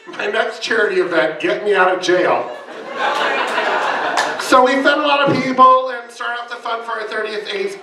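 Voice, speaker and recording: A man performing as a drag queen in a live roast, delivering bawdy insults with shouted punchlines. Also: high voice, very noisy. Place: bar function room with live audience. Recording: echoey room, mic from a distance, loud crowd.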